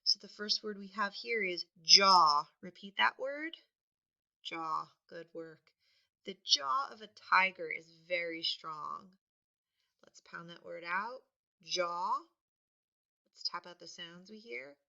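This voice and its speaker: A woman teaching a spelling lesson, patiently sounding words out and stressing each one loudly. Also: lowish voice, lively intonation, slow pace, creaky. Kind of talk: slow, deliberate spelling lesson. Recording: dull lo-fi recording.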